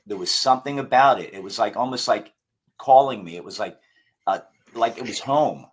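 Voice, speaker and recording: A man's voice: mid-range voice, moderate pace, breathy edge. A man talking casually as a podcast guest, rambling with many fillers and restarts. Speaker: guest paranormal investigator.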